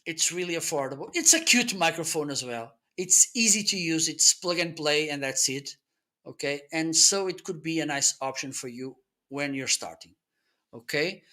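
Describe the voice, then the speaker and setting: A man hosts a live stream reviewing gear, giving a casual product demo of desk USB microphones that he's testing. He's chatty and keeps checking in with "okay?", his voice fairly high, pushed, and bright.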